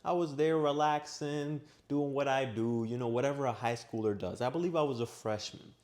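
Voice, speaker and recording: Young male vlogger, casual storytelling, animated delivery. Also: medium pitch, normal speed. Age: young adult. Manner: animated, acts out his own shouting in quoted lines. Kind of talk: personal storytelling. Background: washing machine running.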